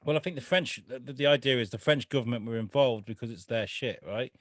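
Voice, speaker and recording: A man's voice: mid-range voice, fairly quick, no room sound, clean studio sound. A man co-hosting a podcast in casual chat, swearing freely and slipping into mocking voice impressions. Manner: swears a lot, mocks voices with exaggerated impressions. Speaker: podcast co-host.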